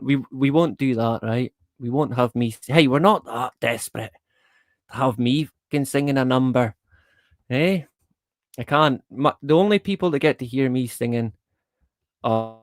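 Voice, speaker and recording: A man's voice: mid-range voice, no room sound, clean studio sound. A man hosting a casual livestream, rambling in a laid-back way, chuckling often and swearing casually. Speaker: livestream host.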